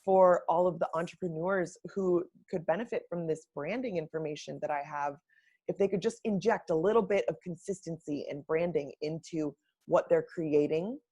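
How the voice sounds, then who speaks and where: A woman who works as a brand strategist, answering interview questions in a measured, explanatory way. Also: fairly low pitch, warm tone, slightly rough. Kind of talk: casual live-stream interview.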